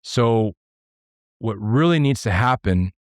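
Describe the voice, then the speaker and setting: A man hosting a podcast on his own, explaining leadership ideas step by step in numbered points, earnest and sometimes excitable. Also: lowish voice, takes it slowly, smooth, dry recording, studio quality. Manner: excitable at times. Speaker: podcast host. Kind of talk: solo podcast talk on leadership.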